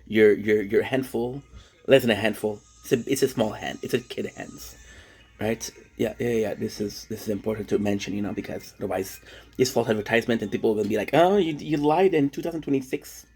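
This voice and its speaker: Man from Quebec, husky, tangent-prone joking streamer. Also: lowish voice, steady tone, a little fast, darkish tone. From Quebec, Canada. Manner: rambling, tangent-prone, joking, self-deprecating. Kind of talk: rambling casual monologue.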